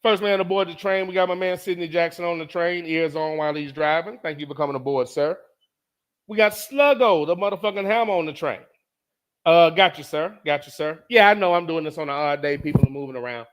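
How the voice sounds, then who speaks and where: Profane storytelling man, animated. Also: on the high side, brisk, smooth. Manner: animated, profane, repeats lines for emphasis. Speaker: podcast host. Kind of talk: casual storytelling monologue.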